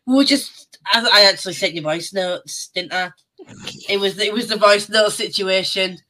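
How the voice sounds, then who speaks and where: A woman from the UK co-hosting a podcast, chatting in a lively way and swearing casually. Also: medium pitch, moderate pace, rough recording. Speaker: podcast co-host. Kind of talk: casual chat.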